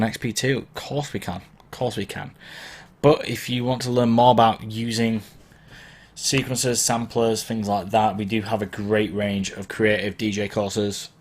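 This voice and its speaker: Unhurried and steady in tone, a mid-range male voice belongs to a DJ hosting an online Q&A livestream. Hay fever has left his throat sore; still, he's casual and encouraging, chatting, wandering off and correcting himself. The mic is located below the camera.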